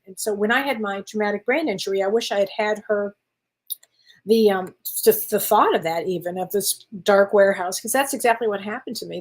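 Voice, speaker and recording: A woman, a spiritual medium chatting encouragingly with viewers on a live stream. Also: mid-range voice. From Wisconsin, USA. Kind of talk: casual live-stream chat reading viewer comments.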